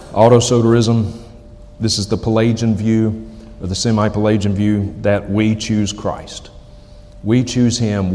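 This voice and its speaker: A man preaching a sermon, emphatic, slowly repeating key phrases for weight. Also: on the low side, warm tone, big-room sound. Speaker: pastor.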